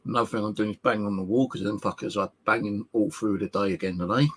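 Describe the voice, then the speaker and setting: A man's voice: on the low side, fairly even intonation, fast talker, slight background noise. A man, talking casually to camera at home, rambling and swearing in an aggrieved way. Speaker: vlogger. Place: home flat indoors.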